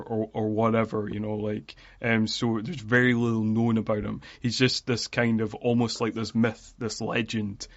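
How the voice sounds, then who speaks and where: A man's voice: mid-range voice, dry recording, muffled recording. A man co-hosting a podcast, chatting casually about a film and sharing research facts. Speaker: podcast co-host.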